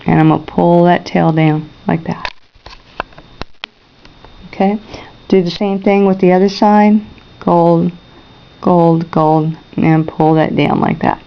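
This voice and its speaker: A woman's voice: medium pitch, highs cut off. A woman teaching a painting class, talking viewers through each brush stroke and checking in with them. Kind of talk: step-by-step painting demonstration.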